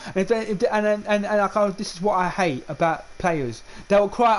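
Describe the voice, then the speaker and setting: Heated high-voiced gamer ranting. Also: male voice, brisk, hardly any pauses, slight background noise. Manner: heated, repetitive, stammers on restarts. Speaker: gaming streamer. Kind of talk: unscripted ranting monologue.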